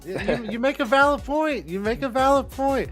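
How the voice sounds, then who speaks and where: A man's voice: very high voice, animated, brisk, a bit bright, soft background music. A man hosting a casual chat show, rambling with repeated phrases and lots of fillers. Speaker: host.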